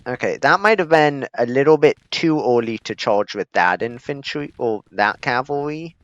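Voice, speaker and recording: A man's voice: medium pitch, expressive, moderate pace, fairly bright tone, no echo. A man giving laid-back, chuckling, self-deprecating commentary as he plays a strategy game. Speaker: gaming streamer. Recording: slightly dull lo-fi recording.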